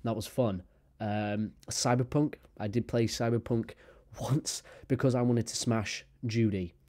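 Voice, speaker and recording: A young man who makes gaming YouTube videos chats casually to camera about video games. His medium-pitched, darkish voice is steady and unhurried, and he rambles with plenty of fillers and frequent swearing.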